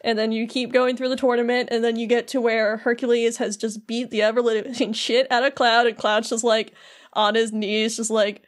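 A woman with a fairly high voice co-hosts a casual podcast. She retells a game's story in a lively way, often laughing between lines. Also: moderate pace. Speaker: podcast co-host. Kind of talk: casual chat retelling a video game story.

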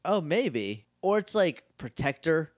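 A man's voice: a little high, very animated, takes it slowly, dry recording, studio quality. A man co-hosting a podcast, recapping a show in casual chat, laughing often and acting out the scenes. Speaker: podcast co-host.

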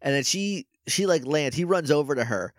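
A man's voice: on the high side, animated, moderate pace, no room sound, clean studio sound. A man co-hosting a podcast, casually recapping a show episode with laughs and quoted voices. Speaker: podcast co-host.

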